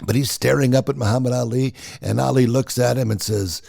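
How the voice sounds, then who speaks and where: A man in his sixties casually telling personal stories in an animated, chatty way. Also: medium pitch, brisk, vocal fry. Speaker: storyteller.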